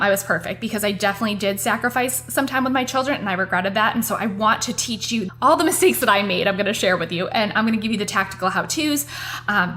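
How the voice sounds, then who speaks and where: A woman's voice: medium pitch, fairly bright tone, a little hiss or hum. A woman, hosting her own podcast in a chatty, upbeat way, often tossing in "like" and "right?". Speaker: podcast host. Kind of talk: casual solo podcast talk.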